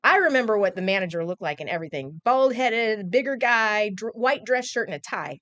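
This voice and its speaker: A woman's voice: medium pitch, fairly quick, no room sound, lo-fi sound. A woman in her forties, a news anchor, chatting casually on air and telling a story with acted-out quotes. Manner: animated storyteller, acts out quotes. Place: TV news studio.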